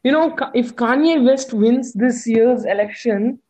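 A man's voice: very high-pitched, unhurried, a little mellow. A man chatting casually with friends, teasing and explaining things to them. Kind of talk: casual chat.

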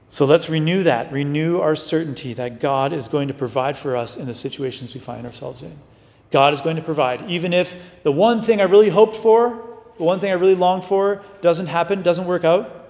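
Man, conversational Catholic talk, raspy fry, reverberant hall. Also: a little high. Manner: conversational, often adds "right?" and "you know". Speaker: Catholic speaker. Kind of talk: spiritual talk to young adults. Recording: echoey hall.

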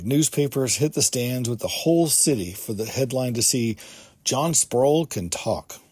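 A man's voice: medium pitch, darkish tone, husky, no echo. A man hosting a podcast, reading from a book aloud in an earnest way and adding his own comments, with small restarts. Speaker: podcast host.

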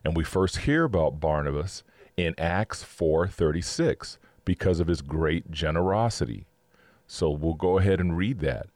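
A man's voice: low-pitched, animated, a little slow, darkish tone, no room sound. A man hosting a casual faith talk, upbeat and chatty, laughing often as he teaches. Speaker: podcast host.

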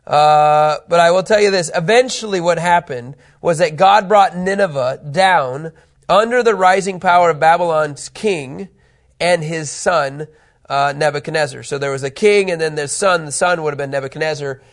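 A middle-aged man teaching a Bible lesson, animated and conversational, often checking in with his listeners. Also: a little high, moderate pace. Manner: animated, keeps asking "okay?" to check understanding.

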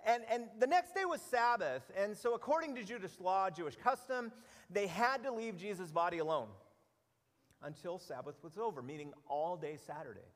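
A middle-aged man preaching a sermon with animated storytelling, often repeating words as he goes. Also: high voice, normal speed, long reverb tail. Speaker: pastor.

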